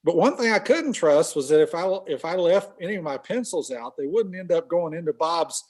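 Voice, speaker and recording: A man's voice: on the high side, lively intonation, fairly quick, a little mellow. Earnest man with a raised voice. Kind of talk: casual recollection on a podcast.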